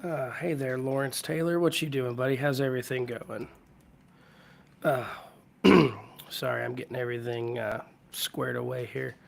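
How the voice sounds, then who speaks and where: A man hosting a casual live stream from home, hoarse from a cold and keeping his voice low, rambling as he greets viewers by name. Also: fairly even intonation, moderate pace. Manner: keeps voice low to spare it. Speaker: livestream host. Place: at home with hardwood floors.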